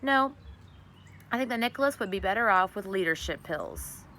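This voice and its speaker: A woman reading aloud a storybook, voicing a kindly, wise older woman who explains things gently and reassuringly. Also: mid-range voice, animated, moderate pace, slight background noise.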